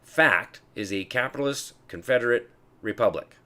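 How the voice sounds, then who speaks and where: A man speaking as a guest in a casual discussion, emphatic but halting and full of fillers. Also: medium pitch, animated, pushed and bright.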